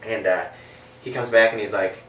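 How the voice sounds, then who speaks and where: A man telling a long casual story in a rambling, animated way, acting out quoted voices. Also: on the low side, normal speed, far from the mic. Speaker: band guest. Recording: roomy sound from off-mic with faint hiss.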